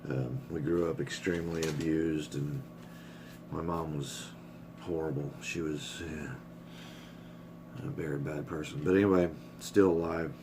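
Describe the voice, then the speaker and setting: A man's voice: extremely low pitch, steady tone, a little slow, background noise. A middle-aged man rambling candidly in a casual personal vlog, swearing freely and getting choked up. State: emotional, choked up. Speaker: vlogger.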